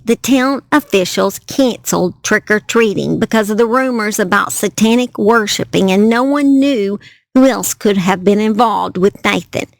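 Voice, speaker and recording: Sitting at a nighttime campfire, a Southern-accented true crime host casually tells a story to camera, chatting away and joking at her own expense. Her mid-range voice is gravelly, and the recording is dry.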